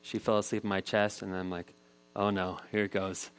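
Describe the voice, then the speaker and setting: A man's voice: fairly low pitch, little pitch movement, normal speed, clear, resonant tone. Man in his thirties telling a sermon story. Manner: conversational storytelling, voice rising with the tension of the story. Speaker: pastor.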